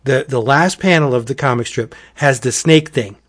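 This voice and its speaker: A man's voice: medium pitch, moderate pace. A man chatting casually as a podcast host, animatedly retelling a wacky horror comic and acting out its quotes. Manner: animated storyteller, acts out quotes, says wackadoodle.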